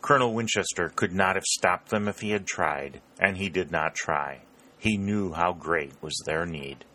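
Deep-voiced male audiobook narrator. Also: moderate pace, pushed and bright. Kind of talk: scripted narration.

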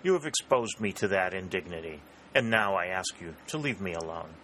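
A man's voice: low-pitched, expressive, fairly quick, background noise. A man reading the part of a haughty young woman who answers in icy, clipped tones. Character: haughty, cold young woman under suspicion.

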